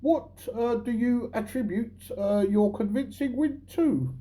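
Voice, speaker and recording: A man's voice: very high voice, unhurried, mellow. A man hosting a scripted comedy football show, cheeky and sarcastic, swearing often. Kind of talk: scripted comic commentary.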